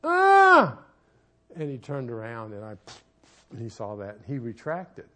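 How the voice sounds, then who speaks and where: A man preaching in church as a pastor and marriage counselor, telling a personal story with sudden shouts and asides. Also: medium pitch, normal speed.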